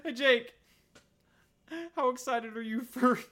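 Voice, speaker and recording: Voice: medium pitch, fairly even intonation, slow pace, a bit bright. A podcast co-host in a casual chat who rants animatedly, swears often and laughs a lot.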